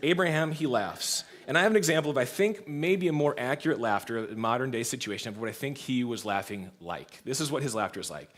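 A man's voice: mid-range voice, fairly quick, hardly any pauses. A man in his thirties, a pastor preaching a sermon in a church, telling stories and laughing along. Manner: storytelling, laughs often, lively shifts in loudness.

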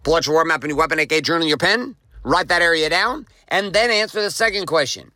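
Speaking fast in a bright, forceful, fairly high voice, this podcast host delivers a motivational monologue built around a story. He stresses his central message by repeating key lines emphatically. The recording is rough, with no room sound.

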